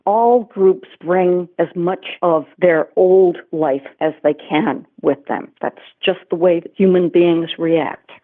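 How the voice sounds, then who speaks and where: Woman historian on a tinny line. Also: on the low side. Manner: measured, storytelling, enthusiastic. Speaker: guest historian. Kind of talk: interview answers, explaining history.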